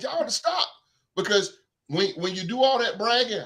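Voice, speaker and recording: High, bright-voiced ranting sports host. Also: male voice, normal speed. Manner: animated, heckling, mocking fans' voices. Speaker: podcast host. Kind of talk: sports talk rant.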